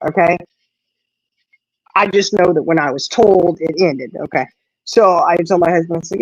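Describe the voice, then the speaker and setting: A middle-aged woman, chatting casually and telling a lively story, acting out the voices in it. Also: on the low side, normal speed, long pauses, no room sound, muffled recording. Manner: animated storyteller, acts out quotes. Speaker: host. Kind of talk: casual chat.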